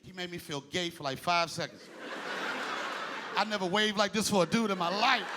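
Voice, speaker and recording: A man performing a stand-up comedy set on a club stage with a handheld mic, loud and animated. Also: sits high, normal speed, pauses often, very noisy. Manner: animated, loud, jumps into impressions. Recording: live club with loud crowd laughter.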